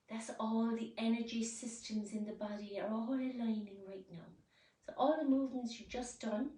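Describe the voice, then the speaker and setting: A woman leading a guided movement class, speaking gently and soothingly, with sudden loud playful roars. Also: on the high side. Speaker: movement and wellbeing instructor. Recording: roomy echo, voice from some distance.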